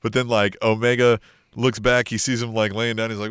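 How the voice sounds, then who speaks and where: A man co-hosting a podcast, chatting casually with plenty of swearing. His voice sits at a middle pitch, and it is recorded dry and close to the mic. He keeps jumping into quick acted-out lines from wrestlers. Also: little pitch movement, clear, resonant tone, no room sound. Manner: profane, acts out wrestlers in loud high voices. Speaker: podcast co-host.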